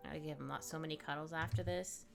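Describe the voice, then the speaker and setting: A woman's voice: deep voice, fairly even intonation, fast talker, vocal fry, faint music behind. A woman chatting casually on a live stream while she draws, reading chat aloud, laughing often and trailing off mid-thought.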